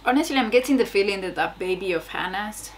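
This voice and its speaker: A woman's voice: medium pitch, lively intonation, fast talker, slight background noise. Young woman reacting to a show. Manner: exclamatory, swearing, laughing asides. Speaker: reaction video host. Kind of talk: casual reaction commentary.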